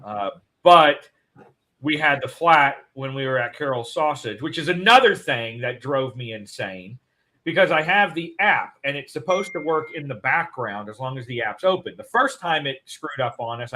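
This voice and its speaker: Guy with a bright punchy voice rambling thru a story on a morning show. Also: mid-range voice, expressive, moderate pace, poor audio. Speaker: co-host. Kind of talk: casual morning show chat.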